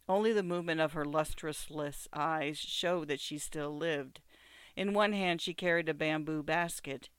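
A narrator giving a measured, reflective first-person reading of a literary story. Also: medium pitch, fairly bright tone, clear, resonant tone, no echo. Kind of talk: scripted audiobook narration.

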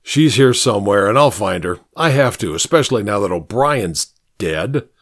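A man voicing a menacing thin gunman who speaks in a low, deliberate voice. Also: lively intonation, dry recording, clean studio sound. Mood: scornful.

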